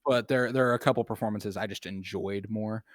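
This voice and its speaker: A man's voice: on the low side, brisk, dry recording, clean studio sound. A man co-hosting a podcast, talking casually about films, loose and profane with lots of fillers. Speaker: podcast co-host. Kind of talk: casual film chat.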